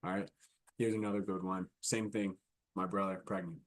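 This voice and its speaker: A man's voice: sits low, flat delivery, normal speed. A man giving a conference talk in a conversational style, often checking in with his audience by asking "right?". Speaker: keynote speaker. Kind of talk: conference talk with acted examples.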